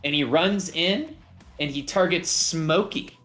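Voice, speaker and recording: A man running a tabletop game as game master, relaxed and jokey. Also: fairly high pitch, takes it slowly, soft background music. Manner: relaxed, jokey, voices bandits in passing.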